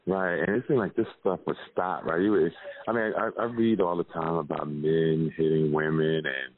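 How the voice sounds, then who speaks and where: A man with an extremely deep voice hosts a casual radio talk show, speaking frankly and supportively and swearing freely. The audio is narrow and tinny, like a phone line. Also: fairly even intonation, normal speed.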